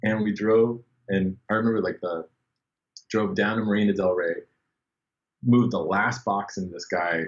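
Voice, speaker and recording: A man, a bass player, telling stories as a podcast guest, animated and full of fillers, acting out the people he quotes. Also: normal speed. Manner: animated, acts out quoted voices, many fillers. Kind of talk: casual storytelling interview. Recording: dull lo-fi sound.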